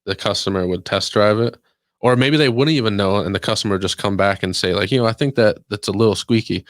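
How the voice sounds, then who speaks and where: A man's voice: fairly low pitch, fast, no echo. A man from Ohio chatting as a podcast guest, telling loose, rambling stories full of "dude" and casual swearing. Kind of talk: casual storytelling chat.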